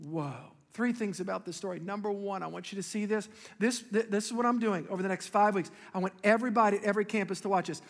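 High-voiced pastor preaching in a hall. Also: male voice, fast, vocal fry, few pauses. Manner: animated storytelling with sudden drops to quiet emphasis. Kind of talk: sermon. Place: large church hall. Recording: long hall reverb.

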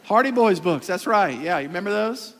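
A man's voice: high voice, lively intonation, fairly quick, fairly bright tone, long reverb tail. A man voicing his older brother, giving casual, teasing advice.

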